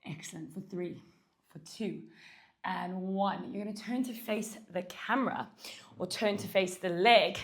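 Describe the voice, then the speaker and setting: A woman Pilates instructor talks through a workout while she exercises. She is out of breath, sighs between cues and counts the reps down out loud. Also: mid-range voice, unhurried. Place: home studio.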